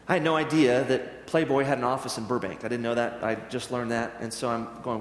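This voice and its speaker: Animated preacher in an echoey hall. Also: male voice, medium pitch, fairly quick, slight background noise. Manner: animated storyteller, acts out dialogue. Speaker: Presbyterian minister. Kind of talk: sermon storytelling. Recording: echoey church hall with long reverb.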